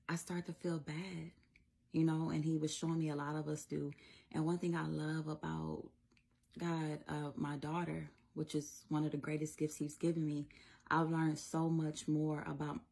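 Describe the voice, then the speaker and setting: A woman with a low, gravelly, slightly husky voice speaks casually about faith like a reassuring mother. Her tone is mellow and earnest, and she laughs easily between thoughts. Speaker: faith content creator. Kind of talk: casual devotional encouragement.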